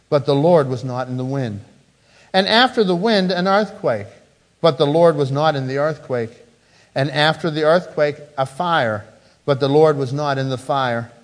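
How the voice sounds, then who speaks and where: A man preaching an earnest sermon, swinging between loud emphasis and hushed softness and often repeating words. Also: medium pitch. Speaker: pastor.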